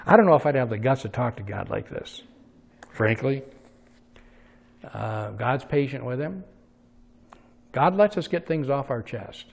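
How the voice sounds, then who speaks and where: A man preaching a sermon, swinging from soft asides to loud, emphatic peaks as he retells a story. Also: medium pitch, in a large hall. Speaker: pastor.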